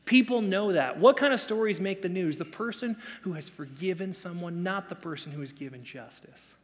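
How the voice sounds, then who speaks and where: Pastor, male, high-pitched, casual storytelling sermon with voiced quotes, reverberant church hall. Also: moderate pace. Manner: conversational preaching with playful asides and acted quotes.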